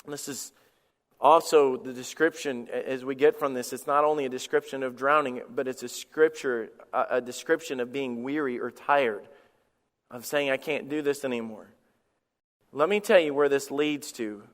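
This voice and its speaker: A man's voice: mid-range voice, moderate pace, a bit bright. A man preaching a sermon as pastor, talking conversationally, repeating himself and telling personal stories. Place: church sanctuary. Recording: long church hall reverb.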